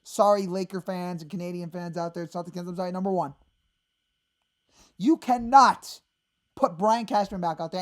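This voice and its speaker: A woman hosting a fan channel, ranting in exasperation about her team and breaking into sudden shouted outbursts. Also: mid-range voice, normal speed. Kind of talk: angry fan rant.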